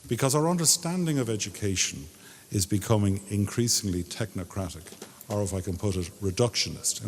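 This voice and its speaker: A man's voice: deep voice, slightly rough. A man giving a formal debate speech, building his argument in long runs of parallel phrases. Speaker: debate speaker. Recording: reverberant hall.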